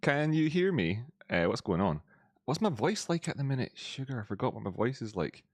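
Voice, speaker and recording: A man's voice: medium pitch, sing-song, brisk, no room sound. A man hosting a casual live stream through a voice changer, chatty and laughing often as he greets viewers.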